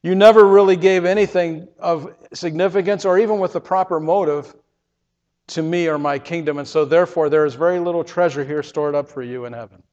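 A man plays a grave divine judge who speaks in a soft, low, deliberate voice, yet the voice still sits fairly high for a man. The sound is dull and lo-fi and carries a long reverb tail. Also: lightly acted. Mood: solemn. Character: solemn gentle male divine judge.

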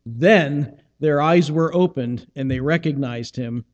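Guy preaching, kinda high voice, acts out the dialogue bits, echoey hall. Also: measured pace, lo-fi sound. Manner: conversational, acts out scripture dialogue. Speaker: pastor. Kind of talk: sermon.

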